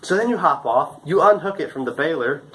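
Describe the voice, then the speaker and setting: A man's voice: a little high, a little fast, rough recording. A young man from the Carolinas, casually and animatedly telling a story about his days as a farm intern. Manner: animated, acts out shouts and gestures.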